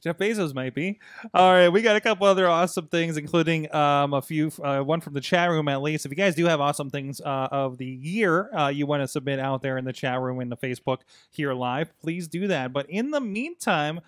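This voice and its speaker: A man's voice: fairly high pitch, a little fast, a bit bright, no room sound. Dry-voiced man hosting a panel podcast. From Pittsburgh area. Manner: loose and rambling, many "uh" fillers. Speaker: podcast host. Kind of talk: casual panel chat with sponsor reads.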